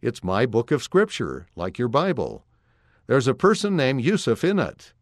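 A man's voice: medium pitch, huge pitch swings, moderate pace, dry recording, clean studio sound. A man reading aloud and voicing a friendly young schoolboy who explains things plainly. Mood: calm.

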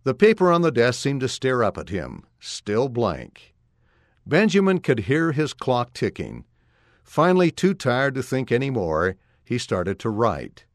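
Man reading a story aloud, expressive. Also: mid-range voice, a little slow, no echo, clean studio sound. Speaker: narrator.

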